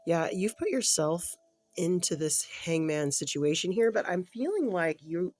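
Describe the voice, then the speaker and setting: During a casual reading for an unseen client, a tarot reader with an expressive, mid-range voice thinks out loud, pausing and correcting themselves. They stay gentle and sympathetic, now and then dropping to a soft murmur.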